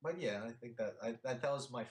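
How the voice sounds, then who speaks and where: A young man from Philadelphia, a guest in a casual interview, talking haltingly with many fillers and restarts. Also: mid-range voice, echoey room.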